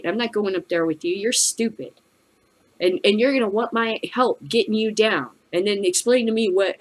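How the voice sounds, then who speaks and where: A woman's voice: mid-range voice, rough recording. A woman hosting a cannabis news show, ranting in profane, sarcastic commentary.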